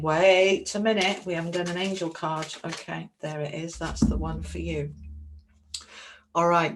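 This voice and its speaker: A woman giving a chatty, excitable tarot reading to camera, calling her viewers darlings. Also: low-pitched. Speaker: tarot reader.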